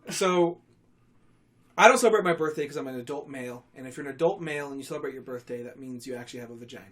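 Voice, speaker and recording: A man's voice: medium pitch, racing, a bit bright. A young man hosting a podcast, rambling through a story with crude teasing and frequent laughs. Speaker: podcast host. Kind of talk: casual storytelling banter.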